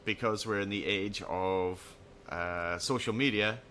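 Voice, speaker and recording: Guy on a chat podcast, bright punchy voice, acts out the quotes, bit of hiss. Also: on the low side, measured pace. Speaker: podcast co-host. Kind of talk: casual chat, storytelling.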